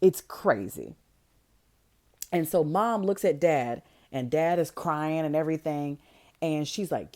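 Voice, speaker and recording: A woman hosting a podcast, recapping a movie in a casual, slangy way, full of "like" and lively asides. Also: sits low, slow. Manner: animated, filler-heavy, slangy storytelling. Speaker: podcast host.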